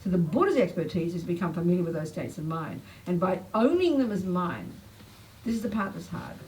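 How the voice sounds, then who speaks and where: An older woman teaching a public Buddhist talk, blunt and emphatic, pitch swinging up when she makes a point. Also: big pitch swings, brisk, a little mellow, far from the mic, low-quality recording. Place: talk venue. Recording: faint noise, voice a bit off-mic.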